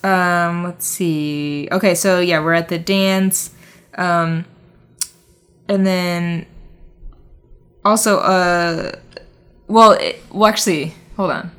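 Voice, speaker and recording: A woman's voice: fairly low pitch, fairly even intonation, slow pace, pauses often, a bit bright. A woman co-hosting a podcast, casually recapping a movie's plot with lots of "like" and "um" fillers. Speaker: podcast co-host.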